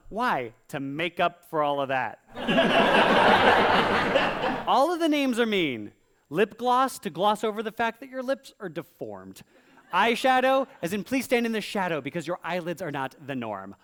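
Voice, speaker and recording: A performer doing stand-up comedy in rhyme on a live stage, talking in a playful, theatrical way. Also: male voice, high voice, big pitch swings, a bit bright. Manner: playful, theatrical, quick vocal impressions.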